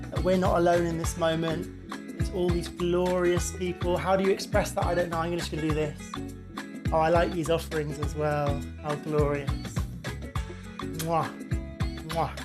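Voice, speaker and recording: A woman leading a playful movement warm-up on a video call, effusive and thankful toward the group. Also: lowish voice, steady tone, moderate pace. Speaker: session leader. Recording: music playing behind the voice.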